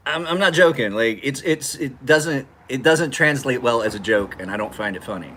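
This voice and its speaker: A man's voice: medium pitch, lively intonation, moderate pace, hardly any pauses, bright, forceful tone, slight background noise. A man hosting a knife channel from his garage, chatting loosely with viewers and laughing through profane stories. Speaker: knife sharpening channel host. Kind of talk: rambling live chat with viewers. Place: home garage.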